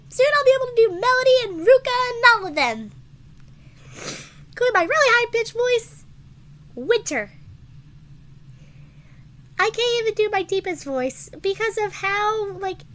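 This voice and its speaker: A congested woman pushing her voice up into a strained, girlish high register. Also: expressive, normal speed, long pauses, a bit bright. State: congested, hoarse.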